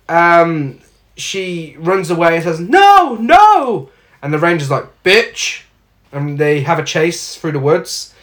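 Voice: medium pitch, fairly bright tone. A podcast co-host, casually recapping a film with sarcasm and swearing, and acting out the characters' lines. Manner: sardonic, acts out lines from the film.

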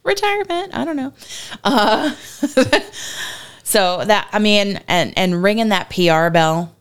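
Slow-talking woman podcast co-host. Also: medium pitch, animated, clear, resonant tone. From Florida. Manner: warm, halting, many short affirmations. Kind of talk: casual chat.

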